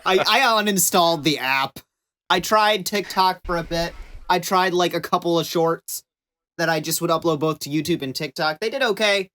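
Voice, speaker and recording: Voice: medium pitch, normal speed, fairly bright tone. A podcast co-host making offhand, wry remarks in casual chat.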